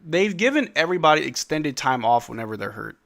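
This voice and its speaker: A man's voice: fairly high pitch, very animated, fairly quick, gravelly, fairly bright tone. A man hosting a live stream watch-along, calling plays casually and chatting with viewers in a drowsy, slangy way. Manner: laid-back, slangy, reads chat questions aloud. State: drowsy, yawning. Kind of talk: casual play-by-play and chat reading.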